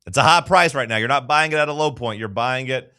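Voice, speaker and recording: A man's voice: mid-range voice, fast, sharp tone, smooth. A man hosting a sports talk radio show, quizzing his co-hosts in casual chat.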